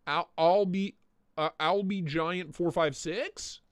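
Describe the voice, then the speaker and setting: A man's voice: high voice, slow, clean tone, dry recording, clean studio sound. A man hosting a casual live stream, riffing and joking with mock indignation, with a stuffy, blocked nose. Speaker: livestream host reviewing knife listings.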